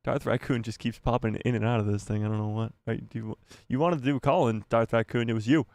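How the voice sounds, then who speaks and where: A man's voice: mid-range voice, steady tone, fast talker, a little mellow, dry recording. Chatty, joking man hosting a live stream. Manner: joking, rambling, laughs often. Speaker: livestream host. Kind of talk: casual live-stream chat.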